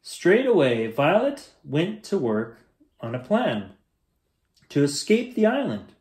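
A man's voice: fairly high pitch, huge pitch swings, takes it slowly, darkish tone. A man reading a children's picture book aloud as a bedtime story, switching into voices for the characters. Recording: roomy echo.

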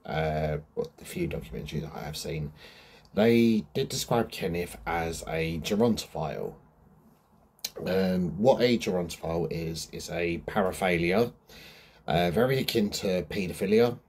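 A man's voice: low-pitched, moderate pace, darkish tone, husky. A young man hosting a true crime channel, explaining a case in a casual, rambling way full of ums and asides.

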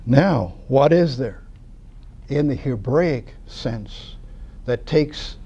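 Slow, mellow-voiced man teaching Bible class. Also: mid-range voice, animated, husky, highs cut off. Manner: slow, folksy teaching with asides. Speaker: Bible lecturer. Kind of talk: church Bible study lecture. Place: church.

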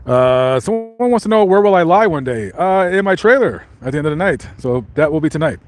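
A man's voice: on the high side, lively intonation, fairly quick. A man casually chatting to his live stream viewers while walking around, rambling with lots of fillers and restarts. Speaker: vlogger reading live chat.

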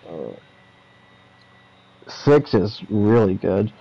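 A man's voice: lowish voice, very slow, creaky. A man co-hosting a game stream, playful and teasing in casual chat. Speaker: co-host. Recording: dull, lo-fi sound.

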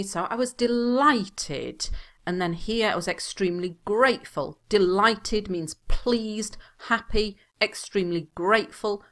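Woman, low-pitched exam teacher, clear explanatory delivery with punchy emphasis. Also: fairly bright tone. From United Kingdom. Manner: clear, explanatory, stresses key words. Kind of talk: recorded language lesson.

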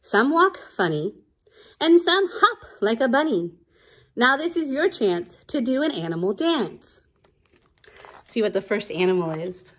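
A woman's voice: on the high side, very animated, measured pace, fairly bright tone. A young woman teacher reading a picture book aloud to preschoolers in a playful, sing-song way, stretching out the sound words. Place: outdoors for the movement part.

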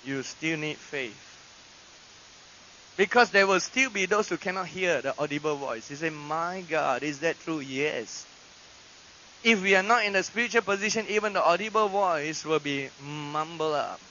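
A male pastor preaching a sermon in a church, swinging dramatically between loud proclamations and hushed asides. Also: on the high side, lively intonation, moderate pace. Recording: dull lo-fi archive recording with hiss.

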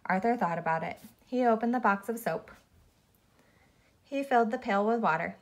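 A woman reading a children's picture book aloud to a child at home, in a gentle storytime manner with small slips. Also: fairly high pitch, moderate pace.

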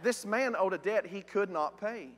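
A man's voice: sits high, normal speed, fairly bright tone. A man preaching a sermon in a church, asking questions and reading scripture aloud with emphasis. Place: church sanctuary. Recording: church hall with long reverb.

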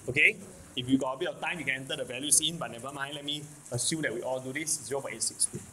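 A man's voice: medium pitch, steady tone, rapid-fire, a crowd in the background, poor audio. A man with a Singaporean English accent giving a math lecture, repeating key points and checking in with the class often. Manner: repetitive, keeps checking in with "okay? can?". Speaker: math teacher.

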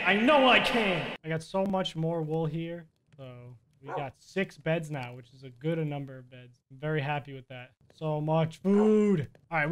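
A young man giving excitable live commentary while playing a video game, muttering one moment and yelling the next. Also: fairly high pitch. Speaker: gaming YouTuber.

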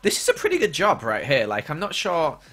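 A man's voice: fairly high pitch, wildly swooping pitch, brisk, fairly bright tone, soft background music. A young man chatting casually on a gaming livestream and answering viewer questions as he plays.

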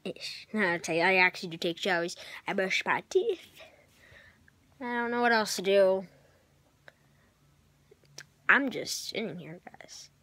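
A woman's voice: mid-range voice, lively intonation, a little slow, long pauses, pushed and bright. A girl vlogging from her bedroom, rambling and self-mocking, often sighing and dropping to a whisper. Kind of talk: rambling casual vlog to camera. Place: bedroom, on a bunk bed.

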